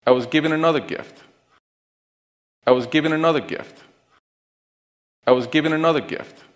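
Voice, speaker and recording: A middle-aged man telling a personal story on stage, with an earnest, deliberate, heartfelt delivery and pauses. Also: a little high, a bit bright. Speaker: conference speaker. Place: stage in a large auditorium. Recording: long reverb of a large auditorium.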